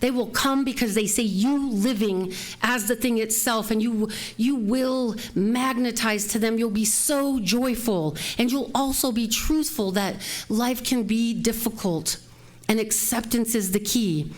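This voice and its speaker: A woman's voice: a little high, measured pace. A woman minister giving a heartfelt, earnest and direct sermon, recorded live at a spiritual center.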